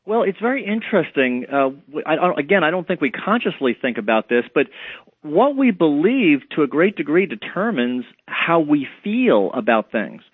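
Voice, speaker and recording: A man's voice: fairly high pitch, very animated, husky, no room sound. A man, a book author, speaking as a guest in a radio interview, telling stories earnestly and acting out his examples. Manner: fast, earnest storytelling with acted-out examples. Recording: dry tinny phone line.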